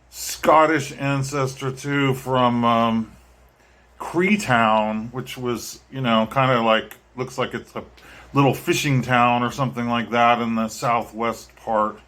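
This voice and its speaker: A man's voice: mid-range voice, steady tone, slow, a bit bright. A man talking casually to the camera as a vlogger, rambling and hesitant with many ums and restarts. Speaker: vlogger and musician.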